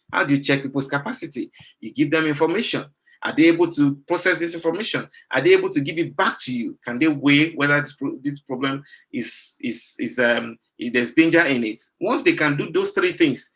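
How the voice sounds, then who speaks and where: A man's voice: fairly high pitch, fairly bright tone. A middle-aged man from Nigeria, a doctor presenting to pharmacists, earnest and often repeating words while searching for the next phrase. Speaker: doctor giving a talk to pharmacists. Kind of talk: professional presentation.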